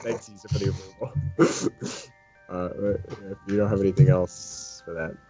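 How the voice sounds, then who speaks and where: Deep husky man joking at a game table. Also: flat delivery, moderate pace, mellow, muffled recording, faint music behind. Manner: laughs often, joking and rambling. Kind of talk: casual chat at a role-play session.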